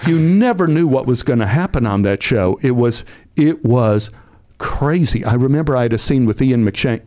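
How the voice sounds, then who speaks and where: Older male actor guest, storyteller, acts out quotes, medium pitch. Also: normal speed. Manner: animated, acts out quoted voices. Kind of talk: anecdotal storytelling.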